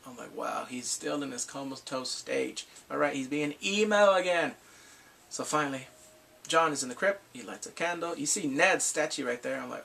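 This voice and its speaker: A young man recapping a TV episode in casual chat, animated and acting out scenes with loud exclamations. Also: fairly high pitch, moderate pace, creaky, slight background noise. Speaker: TV show reviewer.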